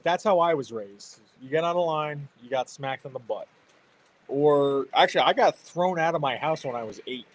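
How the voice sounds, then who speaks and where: A man's voice: a little high, a little hiss or hum, low-quality recording. A man in his thirties hosting a stream, chatting casually about parenting and laughing often. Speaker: livestream host. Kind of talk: casual chat.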